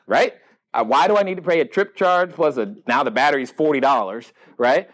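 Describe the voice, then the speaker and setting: A man's voice: medium pitch, brisk. A man hosting a live seminar, telling stories and asking the audience questions, acting out the dialogue as he goes. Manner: animated storyteller, quizzes the audience, acts out dialogue. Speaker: podcast host speaking at a live seminar. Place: event room with a live audience.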